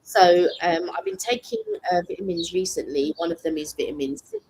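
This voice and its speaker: A woman's voice: fairly low pitch, huge pitch swings, brisk, creaky, darkish tone, slightly rough, poor audio. A woman co-hosting a live stream from her garden, rambling casually with lots of fillers. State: recovering lost voice. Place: outdoors in a garden. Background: birdsong.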